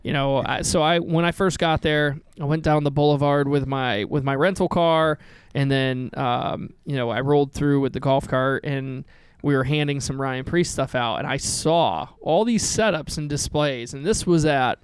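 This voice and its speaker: Smooth-voiced young man chatting casually. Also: fairly high pitch, normal speed, no echo. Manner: rambling, restarts mid-sentence. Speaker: guest. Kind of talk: casual chat.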